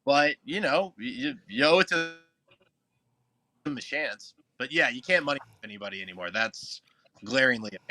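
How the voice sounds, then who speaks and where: A man's voice: mid-range voice, animated, moderate pace, sharp tone. A man hosting a casual sports talk show, rambling and thinking aloud with plenty of fillers. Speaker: sports radio host.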